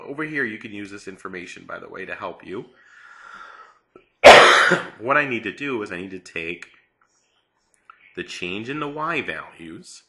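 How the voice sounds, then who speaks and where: A low-pitched man with a very bright, forceful voice teaches a math lesson. He talks in a chatty, playful way and acts out a little story to make the idea stick. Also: gravelly.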